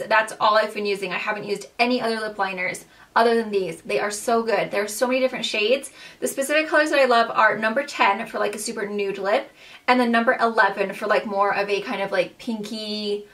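A woman's voice: mid-range voice, a bit bright. Gushing young woman, slightly distant mic. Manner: gushing, bubbly, many "like" and "um" fillers. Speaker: beauty vlogger. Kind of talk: casual monthly favorites chat.

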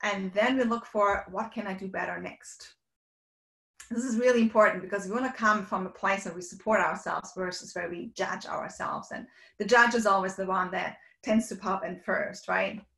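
A woman from Sweden and Germany, a communication coach, talking quickly and at length in an online workshop and playing with her voice. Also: medium pitch, steady tone, vocal fry, fairly bright tone, echoey room. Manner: fast and talkative, playfully demonstrates vocal variety. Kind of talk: energetic online workshop talk. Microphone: video call.

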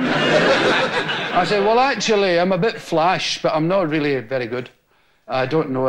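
A Scottish stand-up comedian in his forties tells stories to a live audience in a TV studio, laughing as he acts out the scenes. His voice is high-pitched with a fairly bright tone, captured on a noisy old TV recording.

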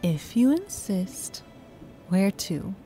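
A woman's voice: medium pitch, very animated, drawn-out words, dark tone, soft background music. A woman playing a tipsy florid professor. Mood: tipsy flirting. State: drunk. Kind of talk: audio drama acting.

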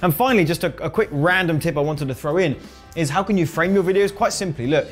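This energetic coach, a man with a voice pitched a bit high, is instructing viewers on camera about video ads. Faint, soft guitar music sits beneath him as he keeps punching his points with rapid tag questions.

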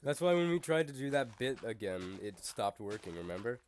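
A man's voice: mid-range voice, sing-song, brisk, slight background noise. A young man chatting casually while playing a video game, teasing his friend crudely and laughing often. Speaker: gamer. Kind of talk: casual gaming chat.

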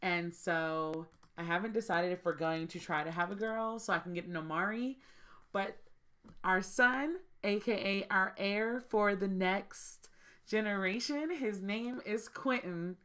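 A woman's voice: mid-range voice, a little slow, fairly bright tone, clear, resonant tone. A woman hosting a life-simulation gameplay video, chatting casually with her viewers, often exasperated and repeating herself. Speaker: gaming channel host.

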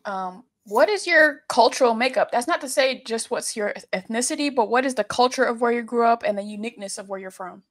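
A woman's voice: on the high side, brisk, hardly any pauses, a bit bright. A woman hosting an interview, asking questions in a casual, encouraging way. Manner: encouraging, frequent backchannels and laughs. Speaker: interviewer and host.

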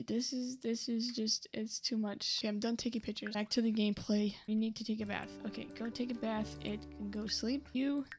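A woman's voice: on the high side, gravelly. A young woman hosting a gaming channel, chatting casually through her gameplay and talking to the characters on screen. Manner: chatty, talks to the game characters, scolds them.

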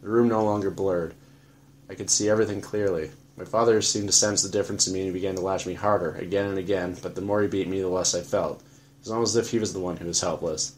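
A man narrating an audiobook in a flat, matter-of-fact first-person telling. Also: sits low, fast, a little hiss or hum.

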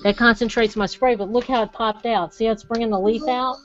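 A woman's voice: on the high side, fairly even intonation, fairly quick, muffled recording, a little hiss or hum. A woman giving a chatty, encouraging live craft demonstration and talking straight to her viewers.

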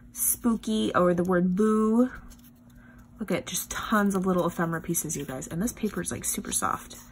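A woman hosting a craft video, gushing excitedly over tiny handmade pieces and filling her talk with "like" and "you guys.". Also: medium pitch, slight background noise. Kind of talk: casual show-and-tell chat.

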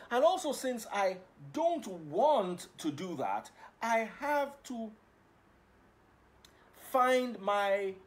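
Middle-aged Nigerian male broadcaster, casual live chat, playful, preachy. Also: high-pitched. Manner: switches between English and pidgin, playful and preachy. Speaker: livestream host and broadcaster.

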